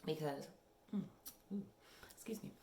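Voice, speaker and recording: A woman's voice: low-pitched, unhurried, reverberant, heavy background noise. A young woman in casual vlog chat at home, rambling and chatty with many ums. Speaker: vlogger. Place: home workout room.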